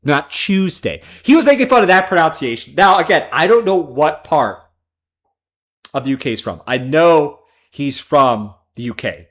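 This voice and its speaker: A man's voice: medium pitch, fairly bright tone. A man from Chicago hosting a casual gaming livestream, swearing freely and drifting into tangents. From Chicago, American Midwest. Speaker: livestream host.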